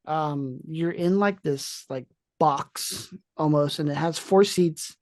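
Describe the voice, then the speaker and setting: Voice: mid-range voice, takes it slowly, darkish tone, no room sound, clean studio sound. A podcast co-host describing a theme park ride in a hesitant way, with many fillers and restarts. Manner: hesitant, full of fillers, describes things with gestures. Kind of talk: casual chat.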